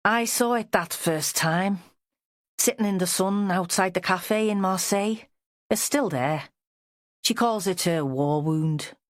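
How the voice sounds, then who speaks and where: A woman's voice: mid-range voice, measured pace, no echo, clean studio sound, lightly acted. A woman reading an audiobook, voicing an anxious, devoted Liverpool husband with a weedy voice. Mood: worried.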